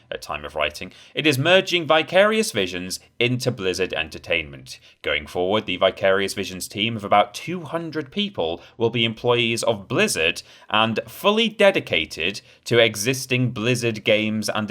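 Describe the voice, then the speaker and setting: A Yorkshire-accented man co-hosting a casual gaming podcast. His voice is low yet bright and forceful, and his humour stays dry and deadpan, heavy with sarcasm. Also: normal speed, few pauses. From Yorkshire, England. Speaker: podcast co-host. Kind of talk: casual chat.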